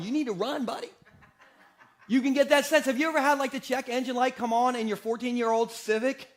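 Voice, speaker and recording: A man in his forties delivers an energetic sermon from the pulpit, joking freely and throwing questions out to the congregation. His voice sits high for a man, and his delivery is quick and playful. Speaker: pastor. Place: church sanctuary.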